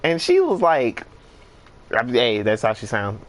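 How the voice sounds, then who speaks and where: Animated young man telling a story. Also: mid-range voice, a little slow. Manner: animated, laughing, swearing, voices quotes. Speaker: gaming streamer. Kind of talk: casual storytelling while gaming.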